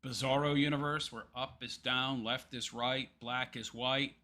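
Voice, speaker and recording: A man's voice: medium pitch, steady tone, unhurried, pushed and bright. A man hosting a casual livestream, rambling and hesitant, with many ums and restarts as he reads chat and picks topics. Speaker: livestream commentary host.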